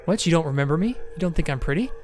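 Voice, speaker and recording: A man's voice: on the high side, expressive, very fast, darkish tone, faint music behind, lightly acted. A man doing a clingy, tearful asylum patient woman. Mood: pleading, tearful. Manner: pleading, repeating herself.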